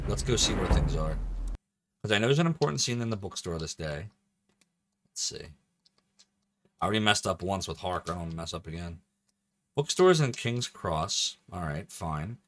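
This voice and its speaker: Chatty low-voiced man streaming a game. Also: a bit bright, a little hiss or hum. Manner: chatty, thinks aloud, jokey. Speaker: streamer playing a video game. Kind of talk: casual live-stream commentary.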